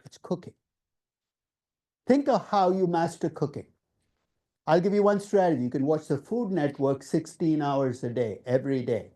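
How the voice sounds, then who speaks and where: A man giving a classroom lecture as a professor, lively and emphatic, talking directly to students and asking them questions. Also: a little high, normal speed, pauses often. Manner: lively, emphatic, conversational teaching with rhetorical questions.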